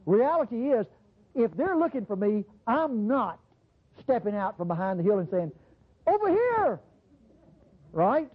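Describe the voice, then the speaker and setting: A preacher in full flow, the voice husky and full of lively swings in pitch. The sermon comes through a thin, tinny recording. The delivery calls out to the room and drops to quiet asides between the peaks. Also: moderate pace. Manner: animated, swinging between low intimate asides and high bursts; addresses the congregation directly with call-outs.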